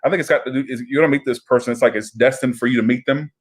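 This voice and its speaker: A male tarot reader talks to his viewers in a loose, rambling way, swearing freely and wandering into asides. His voice sits at an ordinary pitch for a man, and his delivery is casual and direct. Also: fairly even intonation, racing, breathy edge. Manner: rambling, profane, chatty.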